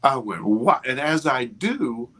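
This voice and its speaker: A man over fifty, an interview guest, telling a story with expressive, restarting speech. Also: lowish voice, measured pace. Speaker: interview guest, film producer. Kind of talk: animated storytelling in a casual interview.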